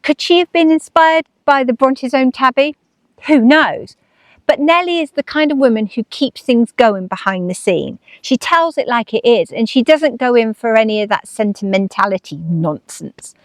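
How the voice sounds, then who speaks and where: A woman's voice: on the high side, moderate pace, no room sound. A woman vlogger talking casually, chatty and acting out her own inner voices. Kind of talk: casual chat.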